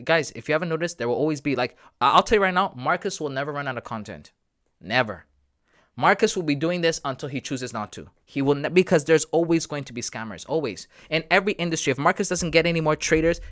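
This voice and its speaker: A man's voice: on the high side, a bit bright. A man hosting a live trading stream, talking straight to his viewers in a casual, emphatic, repetitive way. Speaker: trading livestream host.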